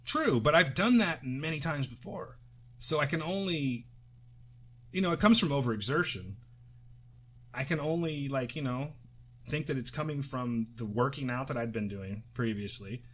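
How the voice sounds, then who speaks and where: Recovering from the flu, a middle-aged man rambles through a casual podcast chat, tired and loose. His pitch sits in the middle for a man, and he swears freely and restarts his sentences often. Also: lively intonation, moderate pace, fairly bright tone. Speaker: podcast co-host.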